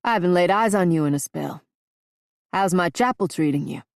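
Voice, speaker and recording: A woman's voice: lowish voice, a little fast, creaky, no room sound, studio quality. A woman voicing a tall, chained male prisoner who mocks and taunts in a casual drawl. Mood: taunting.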